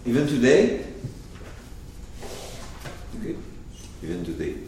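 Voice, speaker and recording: A man teaching through an animated story, asking his listeners questions, in an echoey room from a distance. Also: mid-range voice, slow pace, slight background noise. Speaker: teacher of a spiritual lesson. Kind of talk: storytelling lesson. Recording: echoey room, far from mic.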